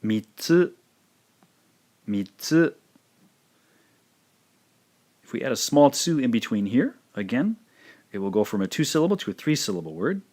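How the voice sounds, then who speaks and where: A man teaching a language lesson, demonstrating pronunciation slowly and repeating each word several times. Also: medium pitch, sing-song, a little mellow. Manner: slow, careful demonstrations with repeated words. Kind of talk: scripted lesson narration.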